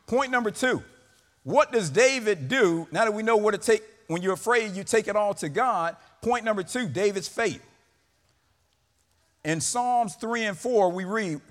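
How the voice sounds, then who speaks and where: High-voiced preaching pastor in a church. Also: male voice, animated, measured pace. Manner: preaching with rising fervor and call-and-response. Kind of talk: sermon. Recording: church hall reverb.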